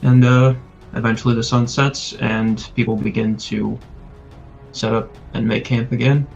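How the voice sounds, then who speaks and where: A man narrating as game master in a relaxed, filler-heavy way, in a lo-fi recording with faint music. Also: mid-range voice, measured pace, gravelly.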